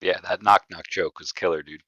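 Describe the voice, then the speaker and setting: A man playing a tabletop game, talking animatedly and bursting into loud laughs. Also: deep voice, fairly even intonation, brisk, husky, no echo. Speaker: player. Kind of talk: casual tabletop play. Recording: dull, dry mic.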